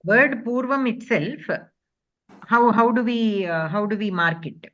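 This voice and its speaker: A woman's voice: medium pitch, a little slow, a bit bright. Woman teacher, patient, explanatory, dull lo-fi class audio. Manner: patient, explanatory, checks in with "okay?". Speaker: Sanskrit grammar teacher.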